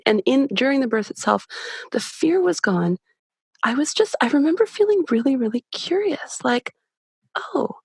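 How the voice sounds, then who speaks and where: A middle-aged woman guest telling her story candidly, with many halting restarts. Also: a little high, a little mellow, breathy edge, no echo, clean studio sound. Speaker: podcast guest. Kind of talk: personal storytelling.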